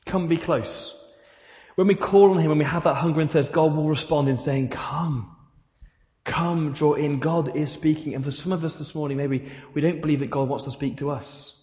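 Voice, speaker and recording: A man's voice: on the high side, steady tone, quick pace, hardly any pauses, warm tone. A man preaching a sermon in a church hall, asking his listeners repeated rhetorical questions. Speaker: pastor. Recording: echoey hall, dull sound.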